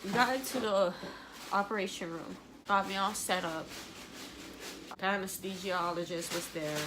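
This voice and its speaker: A woman's voice: medium pitch, normal speed. A young woman speaks to her camera in a candid, personal way. Her voice is emotional and at times tearful and apologetic. She has a mid-range voice, with a faint hum in the background. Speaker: vlogger. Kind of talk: personal storytelling vlog.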